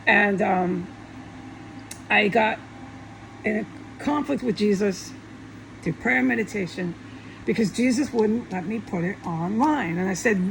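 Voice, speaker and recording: Gravelly-voiced woman ranting agitatedly. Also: medium pitch, a little slow, pauses often, slight background noise, rough recording. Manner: agitated, profane outbursts. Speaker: vlogger. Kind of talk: rambling monologue to camera.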